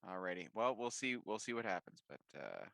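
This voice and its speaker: A man's voice: low-pitched, very animated, brisk, creaky, fairly bright tone, dry recording. A man playing a tabletop game, joking and hesitant, often restarting his sentences. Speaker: player. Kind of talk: casual tabletop game chat.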